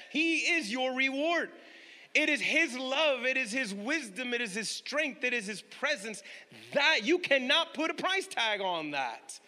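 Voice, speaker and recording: A man preaching a sermon with a high, very bright voice that carries a long reverb, as if from a large hall. He hammers his points by repeating them and keeps asking the congregation questions. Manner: emphatic, repeats key phrases, questions the congregation directly. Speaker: pastor.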